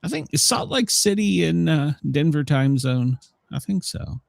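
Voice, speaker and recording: A man chats and jokes through a casual livestream show, his pitch swinging lively up and down. The sound is dry and close, with no room around it. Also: a little slow, creaky, no room sound. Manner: joking, rambling, self-mocking. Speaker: co-host of a daily news talk show.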